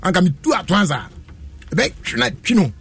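A man's voice: sits high, sing-song, quick pace, a bit bright, husky. A man, telling a long story in a casual chat and laughing often as he goes.

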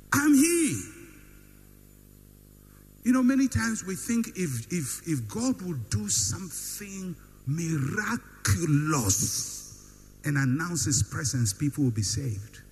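A man delivers a sermon in a high, animated voice, stacking repeated phrases and rhetorical questions for emphasis. His voice carries a long hall reverb. A faint hum sits under the recording. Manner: emphatic, repetitive build-ups with rhetorical questions. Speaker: preacher.

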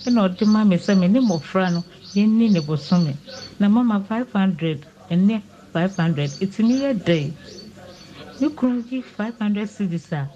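A woman's voice: mid-range voice, darkish tone. A Ghanaian woman telling her personal story to an advice host, earnest and pleading. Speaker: caller sharing her story. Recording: muffled lo-fi recording with faint noise.

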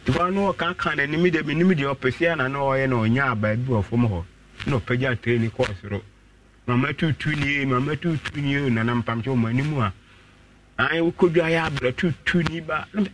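A man on a radio call tells his story at length, leaping up in pitch whenever he quotes someone. His voice sits at a middle pitch for a man. He sounds set back from the microphone, with a distant radio quality. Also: a little hiss or hum. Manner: acts out quoted voices with sharp pitch jumps. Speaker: caller telling his story.

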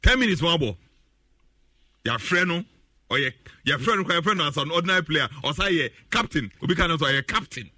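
Ghanaian man, high voice, husky, dry close sound, animated football rant, repeats himself. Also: a little fast, dry recording. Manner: laughs often, repeats phrases for emphasis. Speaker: football commentator. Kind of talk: animated sports talk in Twi and English.

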